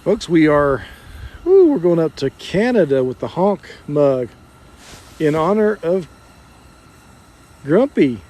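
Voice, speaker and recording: A man's voice: fairly high pitch, big pitch swings, slow, pauses often, mellow. A rancher hosting a casual live stream outdoors. He chuckles often and talks in a folksy way to his animals and his viewers.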